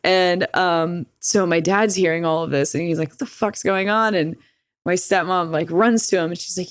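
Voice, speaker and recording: At a normal speed and in a lowish voice, a young podcast guest relates something personal in casual interview conversation. The recording is dry and studio-quality, and her retelling is candid, profane, and sprinkled with "like."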